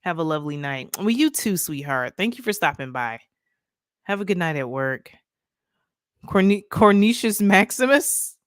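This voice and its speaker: A woman with a fairly low voice that jumps all over the place hosts a relaxed livestream. She reads viewer comments aloud with playful energy and laughs often. The sound is dry and close, with no room echo. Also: moderate pace. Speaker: livestream host. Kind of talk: casual livestream chat, reading viewer comments.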